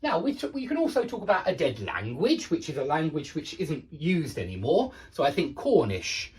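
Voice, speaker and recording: Lively male English teacher. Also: a little high, normal speed. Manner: patient, repeats and rephrases with fillers. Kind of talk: casual explanatory vocabulary lesson.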